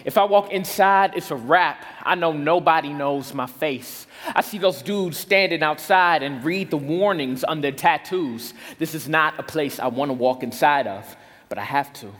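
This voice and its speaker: A man performs spoken word poetry in a steady rhythmic cadence, landing each rhyme. His slightly high voice rings out with a long reverb tail from the hall. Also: moderate pace. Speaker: guest poet.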